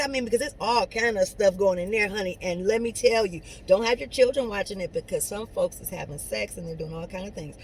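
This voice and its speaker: A woman's voice: mid-range voice, lively intonation, normal speed, a bit bright, slight background noise, low-quality recording. Preachy woman giving a pep talk. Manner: preachy and conversational, with emphatic swings up and down. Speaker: motivational speaker. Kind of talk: inspirational monologue to camera.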